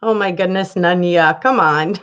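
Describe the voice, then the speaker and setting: A woman's voice: mid-range voice, expressive, a little slow, dull audio. A woman hosting a casual live chat, greeting viewers by name and laughing often as she reads their comments. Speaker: live-stream host reading viewer comments.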